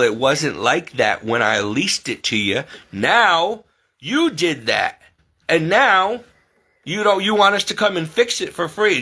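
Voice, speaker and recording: A man with a bright, forceful voice speaks off the cuff in a heated monologue. He presses his points hard and keeps asking rhetorical questions, sometimes slipping into other people's voices to mimic them. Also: fairly high pitch, very animated, moderate pace, slightly rough. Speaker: online commentary host. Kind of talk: unscripted monologue to camera.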